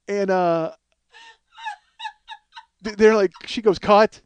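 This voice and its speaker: Profane, animated man telling a comic story. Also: high-pitched, extremely slow, long pauses, noisy background. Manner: profane, animated, acts out quoted dialogue. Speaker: podcast host.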